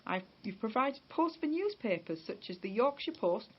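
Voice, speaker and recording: A woman's voice: fairly high pitch, sing-song, normal speed, husky. A woman from northeast England hosting a casual radio interview, chatty and upbeat with plenty of fillers. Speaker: radio host. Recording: dull lo-fi radio recording.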